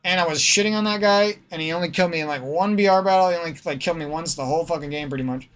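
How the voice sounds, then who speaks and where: Very fast and fairly high-pitched, with a slightly bright tone, this man rants in a gaming vlog. A streamer with a slightly nasal Midwestern American accent, he rambles, swears, and keeps interrupting himself mid-sentence.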